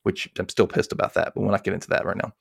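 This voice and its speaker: A man's voice: deep voice, racing, creaky, husky, no room sound, studio quality. A man hosting a podcast, chatting casually through an episode recap and acting out the characters' lines. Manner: animated, acts out characters' lines in raised voices. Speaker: podcast host.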